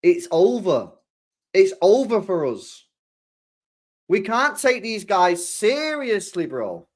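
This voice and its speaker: A man's voice: high voice, big pitch swings, slow. A young man chatting casually on a football stream, exasperated, swearing often and laughing.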